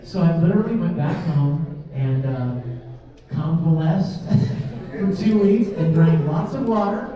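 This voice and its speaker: A man's voice: a little high, measured pace. A man who voices cartoon roles answers fan questions at a convention panel, telling stories in a chatty way and laughing often. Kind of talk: animated storytelling in a Q&A. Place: large convention panel room with an audience. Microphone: filmed from a camera in the audience. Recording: echoey hall recorded from far off, dull sound.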